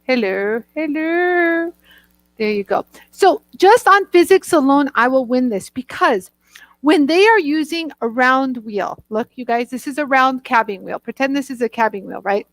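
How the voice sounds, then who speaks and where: Bubbly high-voiced woman hosting a live demo. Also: expressive, moderate pace, no echo, poor audio. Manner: bubbly, laughs often, talks to viewers by name. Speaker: lapidary demonstrator hosting a live stream. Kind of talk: chatty live product demo.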